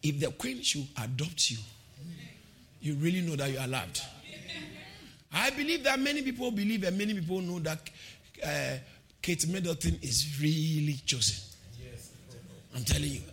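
A man preaching a sermon, shouting calls to the congregation and repeating phrases with a sing-song emphasis. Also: a little high, animated, normal speed, pauses often. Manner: repeats phrases, laughs between points.

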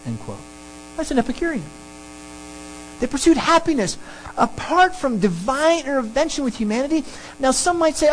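Animated preacher with lively pitch swings. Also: normal speed, pauses often, a little hiss or hum, poor audio. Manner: animated, emphatic preaching with sudden pitch jumps. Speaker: pastor. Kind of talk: sermon teaching through a Bible passage.

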